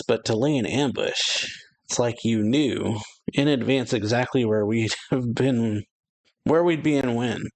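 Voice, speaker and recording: A man casually reading a manga chapter aloud and retelling its dialogue, with lots of "yeah" and "uh" and quick exclamations. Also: medium pitch, vocal fry. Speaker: anime reaction channel host. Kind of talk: casual manga read-along with reactions.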